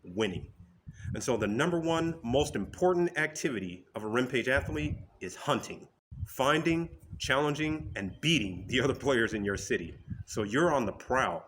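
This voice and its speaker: A man delivers a motivational talk with emphatic, direct phrasing. His voice sits at a medium pitch, and a faint noise runs under the recording. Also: expressive, normal speed, fairly bright tone.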